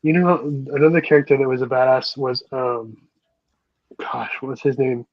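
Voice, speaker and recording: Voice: medium pitch, normal speed, dry recording. A co-host on a live stream, chatting in a laid-back, hesitant way and searching for words. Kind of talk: casual chat. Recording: dry, dull lo-fi stream audio.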